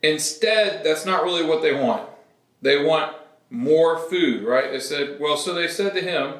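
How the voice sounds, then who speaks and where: Bright-voiced pastor teaching in an echoey room. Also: male voice, on the high side, measured pace. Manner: casual, explanatory, checks in with "okay?". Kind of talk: conversational Bible teaching.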